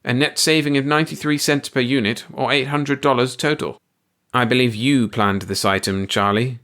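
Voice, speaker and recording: A man voicing a stern, calculating male manager who speaks in a measured way. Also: medium pitch, steady tone, a bit bright, voice pushed up, close to an everyday voice.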